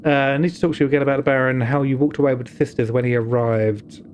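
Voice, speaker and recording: A man's voice: mid-range voice, steady tone, fast talker, a little mellow, a little hiss or hum, natural voice. A British man reading the lines of an earnest young male investigator, asking plain, earnest questions.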